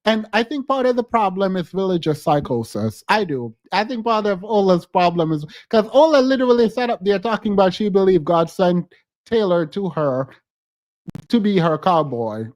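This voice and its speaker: A man's voice: high-pitched, expressive, moderate pace, no room sound. A man hosting a podcast, giving casual, emphatic reality-TV commentary and laughing often. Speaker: podcast host.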